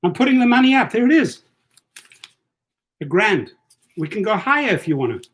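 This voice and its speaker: A man's voice: sits high, very animated, moderate pace, fairly bright tone. Taunting, combative male livestream host. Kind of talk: casual livestream chat.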